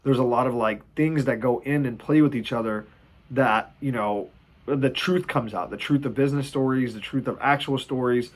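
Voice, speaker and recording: A man casually explaining stock shorting, animated, swearing freely and acting out panicked traders. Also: medium pitch, normal speed. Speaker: investing video host.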